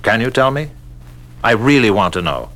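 A polite yet probing prison chief in a radio drama. His low voice rises and falls expressively as he asks measured, courteous questions. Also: sing-song, fairly bright tone.

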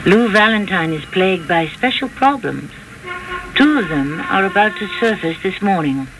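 A man hosting and narrating a radio mystery drama in a measured storytelling manner. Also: high voice, expressive, noisy background.

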